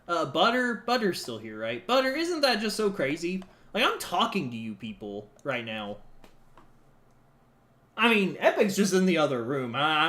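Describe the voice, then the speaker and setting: A man chatting casually to his viewers on a live stream, alone in a small room, swearing loosely and jumping between topics. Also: a little high. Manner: animated, swears casually, talks to chat.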